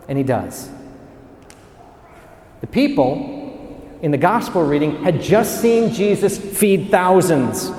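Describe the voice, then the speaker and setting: A man's voice: a little high, lively intonation, takes it slowly, long pauses, darkish tone. A man preaching a sermon as a priest, emphatic and fond of stacking words into repeated series. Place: cathedral. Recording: echoey cathedral with long reverb.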